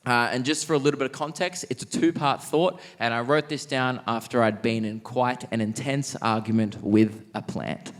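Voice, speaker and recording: A young Australian man doing a stand-up comedy set in a large theatre, quick-witted and cheeky, laughing mid-line. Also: medium pitch, a little hiss or hum. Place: large theatre stage, live audience.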